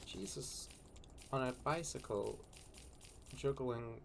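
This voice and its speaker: A man streaming a game, chatting casually with a friend, joking, laughing a lot and breaking into loud outbursts. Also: mid-range voice, takes it slowly, vocal fry, slight background noise. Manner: jokey, laughs often, bursts into loud exclamations. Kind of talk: casual chat while gaming.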